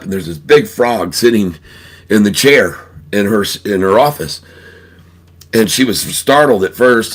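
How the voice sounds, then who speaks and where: A man hosting a livestream, chatting casually and telling a joke, chuckling often. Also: lowish voice. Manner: chuckles often, relaxed storytelling with fillers. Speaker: livestream host.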